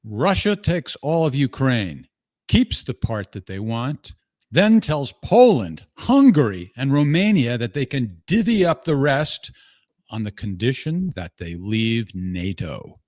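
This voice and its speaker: Lively male host, dry close sound. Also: mid-range voice, slow, no echo. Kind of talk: live call-in show hosting.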